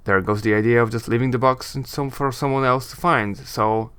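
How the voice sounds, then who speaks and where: A man's voice: mid-range voice, fairly even intonation, fairly quick, a bit bright, smooth. A young man casually commentating a role-playing game and reading its dialogue aloud. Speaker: let's play host.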